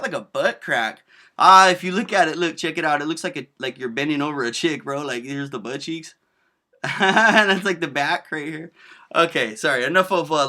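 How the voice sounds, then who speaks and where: A man's voice: fairly high pitch, pushed and bright. A man in his thirties giving casual, rambling video commentary, slangy and profane, full of fillers. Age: 30s.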